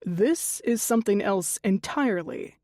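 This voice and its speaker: A woman's voice: mid-range voice, lively intonation, a little slow, darkish tone, dry recording, studio quality. A woman reading the part of a teasing young male panther-shifter tattoo artist, wry and chatty, in an audiobook.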